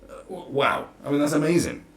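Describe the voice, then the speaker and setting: A man's voice: fairly high pitch, steady tone, a little fast. A man ranting sarcastically through a reaction commentary, exasperated and swearing freely. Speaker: commentary vlogger.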